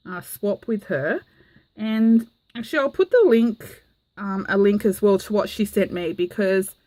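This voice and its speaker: A woman chats her way through a casual craft vlog, enthusing over everything she shows. She speaks at an ordinary, mid-range pitch, and her talk is full of little "um" fillers. The sound is dry, with no room echo at all. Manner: gushing and enthusiastic, with frequent "um" fillers. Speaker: craft vlogger. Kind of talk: casual show-and-tell vlog.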